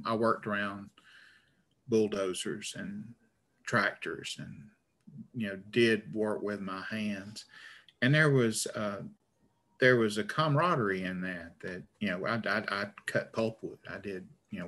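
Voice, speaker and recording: A man's voice: on the low side, fairly even intonation, a little slow, a bit bright. Male author with a northern Alabama accent, stammering, self-deprecating, over a video call. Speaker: author guest. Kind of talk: conversational interview.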